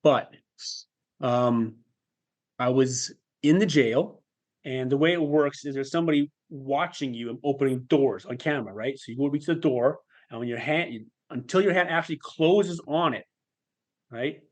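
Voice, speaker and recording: A man speaking as a guest on a podcast, telling a personal story in a reflective, halting way. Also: medium pitch. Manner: reflective and halting, with fillers and restarts.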